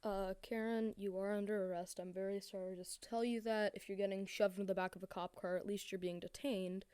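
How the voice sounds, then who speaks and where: A woman's voice: mid-range voice, fairly even intonation, fairly quick, darkish tone, clean tone. A woman hosting a reaction video, talking in a mocking, exasperated, rambling way. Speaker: commentary video host. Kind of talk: sarcastic reaction commentary.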